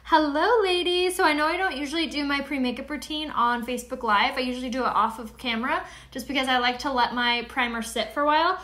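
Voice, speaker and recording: A woman's voice: sits high, fast talker, hardly any pauses, sharp tone. A woman from San Diego, chatting in a rambling way to viewers as she streams a casual live makeup tutorial. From San Diego, California. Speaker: beauty product seller and live-streamer.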